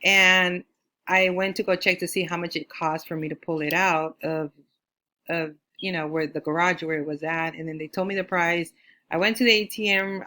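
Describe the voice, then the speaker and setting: A woman from California, an astrologer, telling a personal story in a loose, chatty way, full of fillers and acted-out quotes. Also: pushed and bright. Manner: chatty, with many fillers like "you know"; acts out quoted lines in a higher voice.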